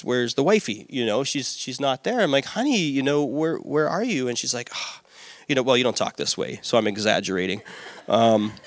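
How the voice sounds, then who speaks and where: A middle-aged man preaching a sermon as a pastor, telling a story in a lively way with playful asides. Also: medium pitch, vocal fry, no echo.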